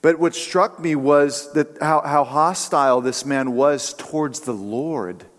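A man preaching in a church, his voice fairly high for a man. He moves between calm teaching and casual storytelling, loose with fillers. A long reverb from the hall trails each phrase. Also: takes it slowly. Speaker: pastor. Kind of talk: sermon.

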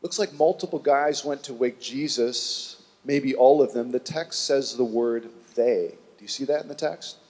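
A man preaching a sermon, telling a Bible story in an animated way and acting out the voices of its people. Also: mid-range voice, moderate pace, few pauses, big-room sound. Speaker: pastor.

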